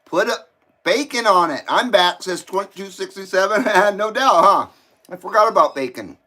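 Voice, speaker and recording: A man with a fairly high voice hosts a relaxed live stream from his home. He chats easily and reads out viewer messages, often talking with his mouth full. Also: moderate pace. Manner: chatty, talks while eating. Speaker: live stream host reading chat. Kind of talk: casual live-stream chat. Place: home, indoors.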